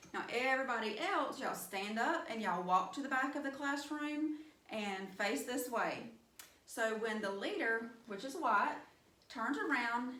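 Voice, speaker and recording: In a classroom, a woman with a Southern US accent leads young children through a phonics lesson, upbeat and encouraging as she calls the class "y'all." Her voice is a little high and a bit bright, picked up from far away in an echoey room.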